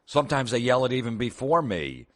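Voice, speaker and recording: Guy putting on a dopey eager dude, higher and louder, stammers earnestly. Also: very animated, a little fast. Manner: hesitant, earnest, stumbling over words. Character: dim, eager man proud of his catchphrase.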